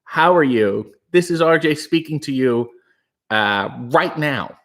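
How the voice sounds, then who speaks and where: Casting note: Canadian male livestream host, breathy, quiet delivery, rambling jokes, close-miked. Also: a little high, animated, slow pace. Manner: breathy, hushed, rambling and joking. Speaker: livestream host reading chat. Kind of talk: casual live chat. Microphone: new studio microphone.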